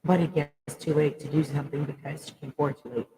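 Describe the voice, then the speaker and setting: A woman's voice: low voice, little pitch movement, quick pace, mellow, long reverb tail, a little hiss or hum, poor audio. A woman giving a raw, emotional personal monologue to viewers, speaking bluntly and swearing freely.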